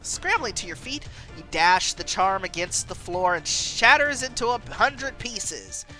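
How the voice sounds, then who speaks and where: A woman streamer reading a story game aloud, expressive and quick to laugh. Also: medium pitch, faint music behind. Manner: expressive, laughs between lines.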